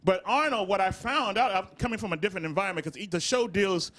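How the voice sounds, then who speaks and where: A middle-aged Southern US man, a comedy writer and show creator, tells stories in a casual interview chat and keeps breaking into laughter. His voice is high-pitched and a bit bright, and he talks at a quick pace.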